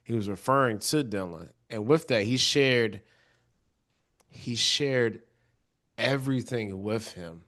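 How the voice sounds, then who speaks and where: A man co-hosting a casual TV recap podcast, talking in an animated way with frequent restarts and repeated words. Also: mid-range voice, slow, long pauses. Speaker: podcast co-host.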